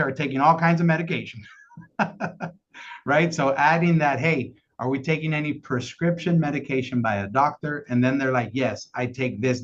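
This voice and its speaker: Upbeat man training sales agents. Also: medium pitch. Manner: energetic, keeps asking "right?". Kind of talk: casual training call. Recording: dull lo-fi call audio.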